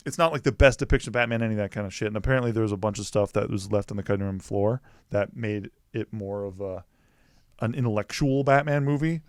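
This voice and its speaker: A man in his thirties talking movies in casual podcast chat, animated and swearing freely, often breaking into mock quotes. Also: lowish voice, fast, clean tone, no room sound, studio quality. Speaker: podcast guest, Batman historian.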